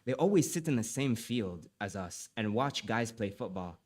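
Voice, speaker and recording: A young man's fairly low, slightly mellow voice carries lively intonation at a normal speed as he chats with his livestream audience and reads aloud. Allergies make him a bit stuffy, and he frequently stumbles, repeats himself, and apologizes.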